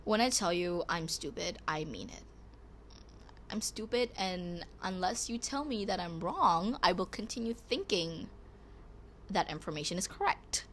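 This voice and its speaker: A woman's voice: fairly low pitch, pushed and bright. A teenage girl talking casually and candidly to her viewers, rambling with restarts and growing exasperated as she rants. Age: teens. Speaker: vlogger. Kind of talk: casual confessional vlog.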